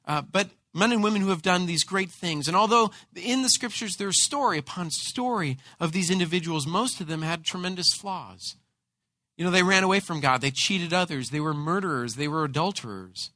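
A man preaching a sermon as pastor, telling a personal story in an animated way with frequent repeated words. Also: high voice, normal speed, dry recording.

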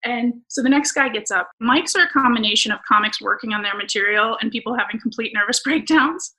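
A woman's voice: fairly high pitch, brisk, poor audio. A woman in her thirties, a stand-up comedian, telling stories in a casual interview with lots of laughter. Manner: animated, laughing storyteller.

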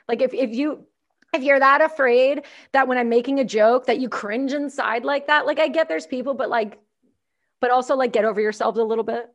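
A woman from Canada chatting casually as a podcast host, telling animated stories, swearing and laughing often. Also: sits high, brisk, dull audio. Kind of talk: casual chat.

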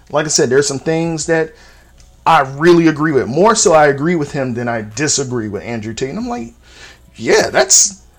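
A man's voice: a little high, animated, moderate pace. Blunt, opinionated man in his thirties. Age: 30s. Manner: voice jumps up sharply for emphasis. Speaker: podcast host. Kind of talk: casual solo podcast monologue.

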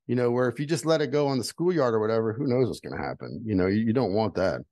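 A man's voice: on the low side, lively intonation, quick pace, dark tone, dry recording. A middle-aged man telling earnest personal stories in casual conversation as a guest. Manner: earnest storytelling. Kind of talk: casual chat.

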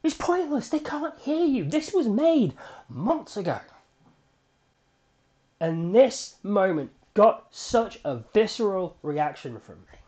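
A man hosting a solo fan podcast, recapping a TV episode in an excitable, animated storytelling way with frequent restarts. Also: high voice, takes it slowly. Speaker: podcast host.

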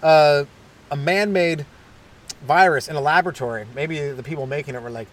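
Rambling hyperactive comedian. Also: male voice, a little high, moderate pace. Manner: rambling, self-deprecating, hyperactive. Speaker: stand-up comedian and podcast host. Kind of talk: stand-up style comic monologue.

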